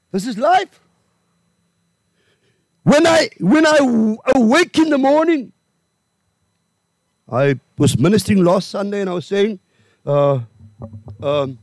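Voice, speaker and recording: A man's voice: high voice, lively intonation, slow pace, pauses often, darkish tone, dry recording. A man preaching a funeral sermon as pastor, with rising emphatic declarations and calls for the audience to respond. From South Africa. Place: outdoor cemetery funeral service.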